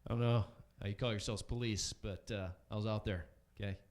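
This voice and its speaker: A man's voice: lowish voice, fairly even intonation, a little fast, a little mellow. A man in his thirties doing a loose, self-mocking stand-up set on a comedy club stage.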